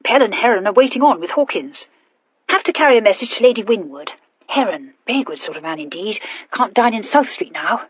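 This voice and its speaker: A woman voicing a fussy, punctilious gentleman who talks in clipped, breathless phrases that drop their words. The recording is dull and dry. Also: mid-range voice, animated, brisk, slightly rough, no echo. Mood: flustered.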